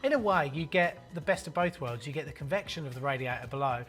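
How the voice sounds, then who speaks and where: A man with a slightly raised voice hosts a plumbing channel in a casual, jokey style. He mixes cheeky banter and crude humour into his talk. Soft music plays faintly underneath. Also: a little high, animated, fast talker.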